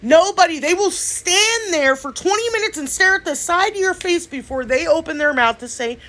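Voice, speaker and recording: A woman's voice: very high voice, moderate pace. A young woman, chatting casually as a nail artist, telling stories and giving tips. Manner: animated storytelling, chatty, swears. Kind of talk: casual rant and tutorial chat.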